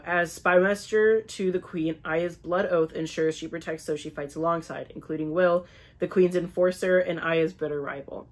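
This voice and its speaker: A man chatting casually as a book vlogger, gushing over editions with lots of filler words and playfully dramatic asides. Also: fairly high pitch. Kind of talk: casual book haul chat.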